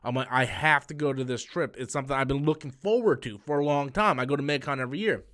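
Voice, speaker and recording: Smooth-voiced man rambling on a live stream. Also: mid-range voice, fast, fairly bright tone. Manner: rambling storytelling with many fillers and restarts. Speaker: comics channel host. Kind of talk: casual live-stream chat.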